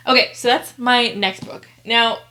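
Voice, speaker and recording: A woman's voice: a little high, fairly even intonation, a little slow, pushed and bright. A woman book vlogger at home, chatting casually and reading book blurbs aloud, with lots of fillers and self-corrections. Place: at home among piles of books.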